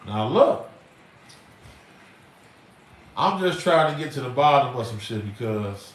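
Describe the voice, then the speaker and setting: A man's voice: fairly high pitch, sing-song, slow pace, pauses often, a bit bright. A middle-aged man, hosting a livestream in an emphatic, rambling, slangy way. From Chicago. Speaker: livestream host. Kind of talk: casual livestream talk. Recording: roomy echo, far from mic, faint noise.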